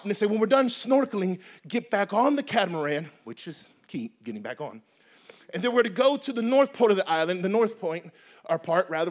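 A man preaching a sermon in a lively, comic storytelling way, with bursts of shouting. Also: high voice.

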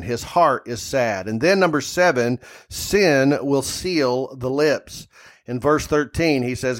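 A man, a pastor, preaching a sermon in an unhurried way, with frequent "uh" pauses as he reads scripture aloud. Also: medium pitch.

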